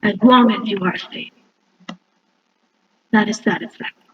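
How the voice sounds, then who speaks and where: Man doing a creepy-earnest drow warlock, slow breathy half-whisper, a bit off-mic. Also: sits high, fairly even intonation, distant mic, muffled recording, pitched below the performer's own voice. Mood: solemn. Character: socially awkward male drow warlock, eerie and earnest.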